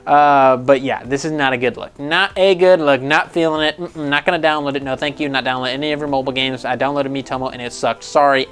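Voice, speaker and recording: Animated, foul-mouthed gaming news host, man. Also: a little high. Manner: profane, animated, laughing, rambling. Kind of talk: casual gaming news commentary.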